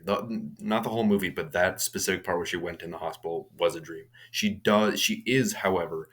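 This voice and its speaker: A man's voice: low-pitched, a bit bright. A young man casually retelling a horror movie's plot, rambling with frequent restarts and fillers. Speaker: movie reviewer.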